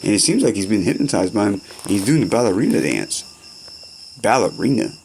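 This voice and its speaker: Young man, gravelly, fairly low, rambling profane skit banter. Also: very animated, brisk, a little mellow, slight background noise. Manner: rambling, profane, slangy back-and-forth. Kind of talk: improvised comedy skit banter.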